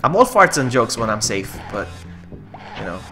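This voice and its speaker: A man streaming a game live, chatting to viewers and yelping or shouting when something startles him. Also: medium pitch, very animated, normal speed. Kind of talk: live let's-play commentary. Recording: game music playing underneath.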